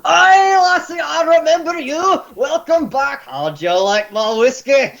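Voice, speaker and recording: Man doing a booming jolly old barkeep. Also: lively intonation, unhurried, vocal fry, a bit bright, heavily acted. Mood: hearty. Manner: hearty, booming, folksy 'aye, lassie' talk. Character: jolly old male tavern keeper and brewer.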